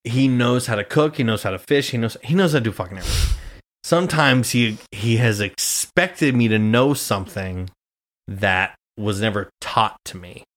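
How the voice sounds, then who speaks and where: Low-voiced swearing guy telling stories. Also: normal speed. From Nebraska. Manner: swears freely, storytelling with quoted voices. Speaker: podcast host as guest. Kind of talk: casual chat.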